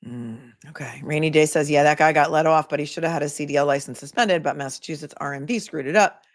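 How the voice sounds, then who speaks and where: Woman lawyer doing a chatty livestream, lowish voice, laughs a lot, reads the chat out loud. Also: quick pace. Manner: chatty, laughs often, reads viewer comments aloud. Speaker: attorney and livestream host. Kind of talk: casual livestream chat reading comments.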